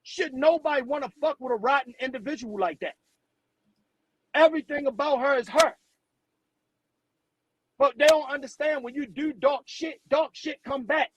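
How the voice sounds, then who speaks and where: A man's voice: extremely high pitch, normal speed, long pauses, fairly bright tone, slight background noise, rough recording. A man hosting a live stream, delivering a blunt, profane rant and stumbling over repeated words when riled. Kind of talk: heated livestream rant.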